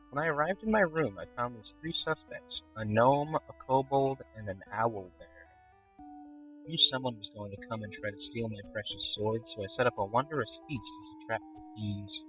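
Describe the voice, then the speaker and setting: A man's voice: medium pitch, natural voice, rough recording. A man voicing a small, self-pitying mouse who pleads in grand, old-fashioned phrases. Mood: pleading.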